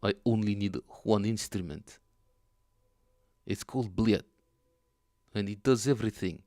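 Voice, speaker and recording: A man putting on a thick Russian accent to play a boastful Russian man who swears by his one bass, declaiming loudly. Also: measured pace, dry recording, studio quality, natural voice. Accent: put-on Russian.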